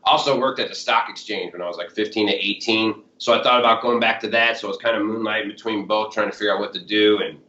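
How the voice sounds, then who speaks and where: Rambling Chicago man, bright and roomy. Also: on the low side, steady tone, fast, hardly any pauses. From Chicago area. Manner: rambling, full of "like" and "you know". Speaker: blues musician guest. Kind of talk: casual storytelling interview. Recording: roomy, dull lo-fi sound.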